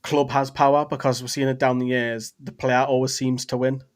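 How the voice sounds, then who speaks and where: Man, livestream host, steady and plain, flat intonation, mid pitch. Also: moderate pace. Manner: steady, reads breaking news aloud from screen. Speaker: fan channel host. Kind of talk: casual livestream football chat.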